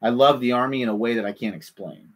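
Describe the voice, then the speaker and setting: A man hosting a casual chat, rambling and animated, often repeating himself. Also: mid-range voice, fast. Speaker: podcast host.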